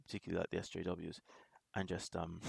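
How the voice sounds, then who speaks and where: Gravelly low-voiced man rambling. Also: monotone, no echo. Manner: rambling, halting, many restarts and laughs. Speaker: reaction video host. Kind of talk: casual commentary.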